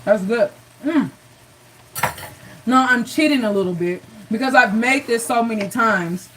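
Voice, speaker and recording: A woman's voice: on the high side, animated, unhurried, far from the mic, noisy background. A woman hosting a live cooking show, chatty and encouraging, talking straight to her viewers.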